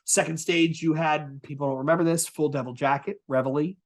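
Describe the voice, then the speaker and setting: A man hosting a podcast, talking in an animated, casual way and often asking "right?". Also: on the high side, brisk. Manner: animated, asks rhetorical "right?". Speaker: podcast host. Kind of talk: casual chat.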